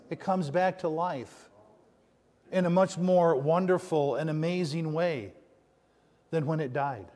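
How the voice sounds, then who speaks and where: A male pastor with a high voice delivers a sermon, building emphasis and pausing to ask his congregation call-and-response questions. His voice rings with the long reverb of a church sanctuary. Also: a little mellow.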